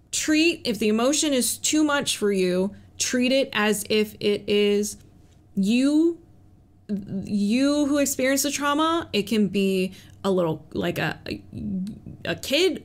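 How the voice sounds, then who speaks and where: A woman who works as a police officer, talking candidly about recovery, earnest, with laughs between thoughts and calming phrases she repeats. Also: mid-range voice. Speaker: police officer sharing her recovery story. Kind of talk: personal advice vlog.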